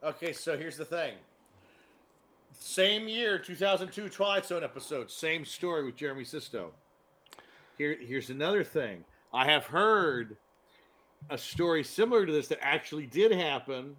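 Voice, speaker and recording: A man's voice: on the high side, lively intonation, normal speed, pushed and bright. Joking man chiming in with trivia. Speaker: podcast co-host. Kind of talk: casual comedic chat.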